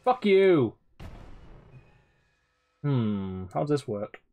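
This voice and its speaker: A man's voice: mid-range voice, sing-song, very slow, darkish tone, dull audio, soft background music. A man streaming a game live, swearing often, laughing and teasing his chat. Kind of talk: live gameplay commentary.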